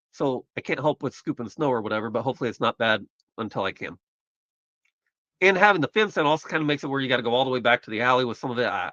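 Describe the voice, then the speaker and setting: A man's voice: medium pitch, pushed and bright, no room sound, lo-fi sound. A man from the United States hosting a casual live stream, chatting in a rambling, self-correcting way while recovering from surgery. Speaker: livestream host.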